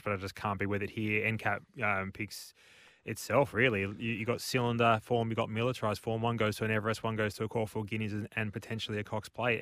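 A man giving racing analysis in a low, flat delivery with a sharp, bright edge. He sounds matter-of-fact, close and dry on the mic. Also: no room sound. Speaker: racing tipster.

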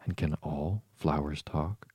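A man voicing a curious, polite little girl in a soft bedtime reading. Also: a bass voice, steady tone, a little fast, gravelly, husky, no echo, heavily acted. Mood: wondering.

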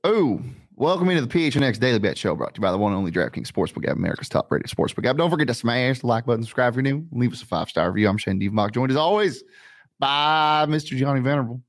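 Male betting show host, casual and upbeat, mid-pitched, rambly. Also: lively intonation, very fast. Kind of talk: casual sports betting chat.

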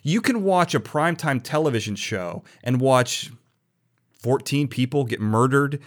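A man's voice: medium pitch, measured pace. Chatty male podcast host. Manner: animated storyteller, many restarts. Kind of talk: conversational interview.

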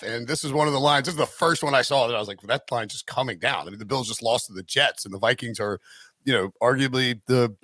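A man's voice: mid-range voice, fairly bright tone, dry recording, clean studio sound. A man co-hosting a sports betting show, rambling through his points with lots of restarts. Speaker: sports betting podcast co-host. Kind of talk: casual sports chat.

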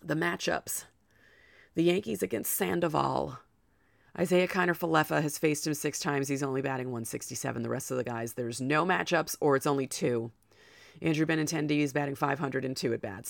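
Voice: mid-range voice, vocal fry, no room sound, clean studio sound. A podcast host talking through a solo sports show, out of breath and chatty, with personal asides.

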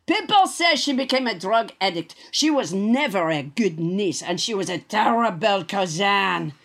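A man's voice: high-pitched, animated, a little slow, vocal fry, a bit bright, heavily acted. A man doing an impression of a vain, boastful male president with a put-on French accent. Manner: boastful, rambling, threatening. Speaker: comedian. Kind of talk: improv comedy impression.

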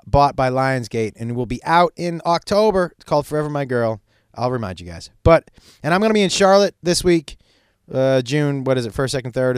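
Middle-aged male comic, profane storyteller, lively swooping delivery, dry booth sound. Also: medium pitch, no echo. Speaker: comedian. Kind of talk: stand-up style storytelling.

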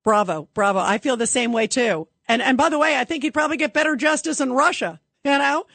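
Woman, radio talk host, fairly high voice, dry close sound, emphatic and indignant. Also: a little fast, a bit bright, no room sound. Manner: emphatic, indignant, effusive with callers.

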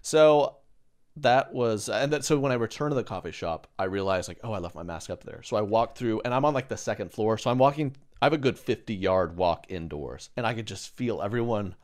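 A young man with a fairly low voice co-hosts a casual podcast. He tells stories in an animated way and acts out what people said. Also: fairly quick. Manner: animated storyteller, acts out quotes. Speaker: podcast co-host. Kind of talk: casual chat.

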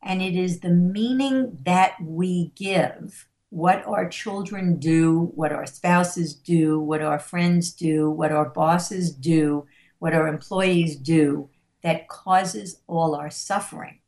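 A woman's voice: lowish voice, darkish tone. Emphatic storytelling woman in a roomy space. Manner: slow, emphatic, acts out the voices in her stories. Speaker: parenting and stress coach. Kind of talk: interview storytelling.

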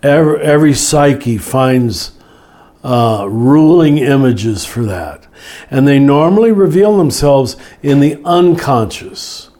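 An older man, a Catholic teacher and author, explaining ideas slowly and reflectively, often restarting and listing words. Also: mid-range voice, animated, warm tone. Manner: slow, reflective, with frequent restarts and lists. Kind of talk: relaxed spoken teaching in conversation.

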